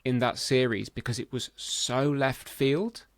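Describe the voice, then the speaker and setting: A podcast host with a gravelly edge to his voice, talking in a casual conversation. He sounds measured and emphatic, and the recording is dry and close. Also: medium pitch, steady tone, no echo.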